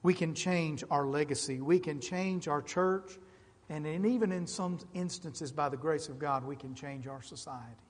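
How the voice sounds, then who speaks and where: A middle-aged man preaching a sermon as pastor, impassioned, building from quiet, measured lines to loud, emphatic calls. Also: a little high. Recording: long reverb of a large church hall.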